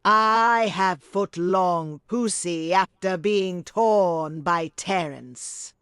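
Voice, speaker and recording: A synthetic text-to-speech voice reading viewer messages aloud in a flat readout. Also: mid-range voice, very slow, clear, resonant tone, dry recording, clean studio sound.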